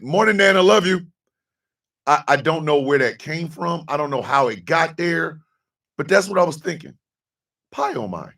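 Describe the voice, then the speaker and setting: A man hosting a livestream morning show, joking in animated bursts, repeating and restarting words, and sometimes shouting. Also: on the high side, distant mic.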